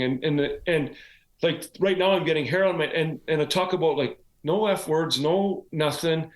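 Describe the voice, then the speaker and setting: A man's voice: a little high, normal speed, reverberant. A man, a former pro hockey player turned coach, telling stories in a casual podcast conversation, often adding "like" and "right?". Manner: animated storyteller, frequent "like" and "right?".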